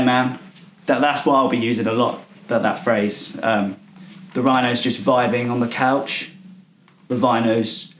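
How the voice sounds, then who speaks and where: A man's voice: medium pitch, a little hiss or hum, natural voice. A man playing a clueless slang-mangling millennial, roomy echo. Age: 20s. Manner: rambling, hesitant, misusing slang. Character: clueless self-styled cool male millennial partygoer. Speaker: comedy character. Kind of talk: deadpan character monologue.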